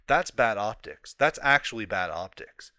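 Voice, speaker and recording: A political commentary vlogger reads an article aloud at his home desk mic, ranting heatedly, swearing a lot, and mocking the author. His lowish voice is bright and forceful, with lively intonation, a moderate pace, and no echo.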